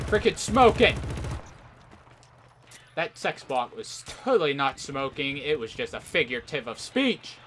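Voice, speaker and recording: A man's voice: medium pitch, pushed and bright, a little hiss or hum. A man giving live commentary over an online shooter match, hurling theatrical mock-outraged insults at opponents. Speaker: gameplay commentator.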